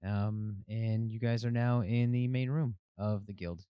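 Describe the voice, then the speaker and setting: A man running a tabletop game, narrating scenes in a relaxed, chatty way. His voice sits on the low side, smooth and clear. The sound is close and dry. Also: measured pace, dry recording, muffled recording. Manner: relaxed, chatty, with many fillers. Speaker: game master.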